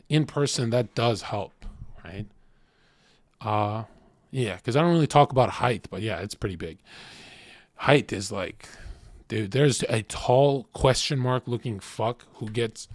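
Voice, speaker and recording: A man streaming, telling brash, profane stories in an animated rant. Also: medium pitch, no room sound, studio quality. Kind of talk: livestream rant.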